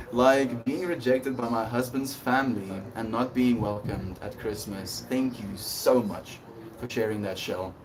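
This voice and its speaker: A man livestreams, chatting casually and laughing as he reads and replies to messages from his chat. His voice is medium in pitch and sits a bit off-mic. The recording is rough and distant, with clear background noise.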